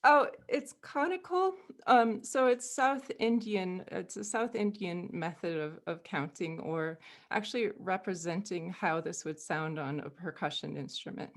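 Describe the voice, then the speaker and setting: A woman's voice: on the low side, a little slow, few pauses. An American woman presenting an online music workshop on a video call, friendly and laughing often as she counts rhythms aloud. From United States.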